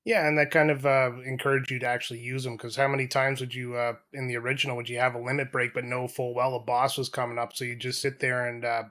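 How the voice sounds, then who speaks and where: A man's voice: mid-range voice, little pitch movement, fast, hardly any pauses, a bit bright. A man co-hosting a podcast, talking casually in a blunt, swearing manner. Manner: blunt, profane, exasperated rants. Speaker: podcast co-host. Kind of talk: casual chat.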